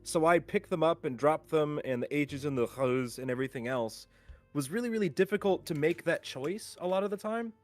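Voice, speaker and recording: A male voice actor chatting casually on a voice call, animated and self-critical about his own work. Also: a little high, brisk. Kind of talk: casual chat.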